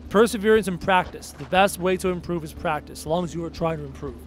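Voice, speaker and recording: Speaking fast in a high voice, a Canadian-accented man streams a game with faint music behind him. His casual talk is chatty and sarcastic, and he replies to viewers' comments aloud.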